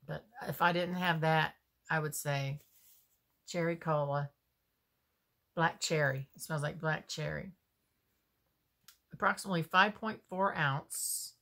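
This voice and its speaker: A woman talks slowly and casually while unboxing soap, musing aloud. Her voice sits a little low and has a gravelly edge. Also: fairly bright tone. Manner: slow, chatty, musing aloud.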